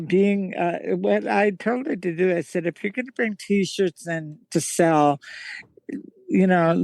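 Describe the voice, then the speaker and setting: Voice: mid-range voice, darkish tone, no room sound. A guest in a casual interview telling rambling anecdotes, with many restarts and laughs. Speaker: guest, magazine founder and band singer.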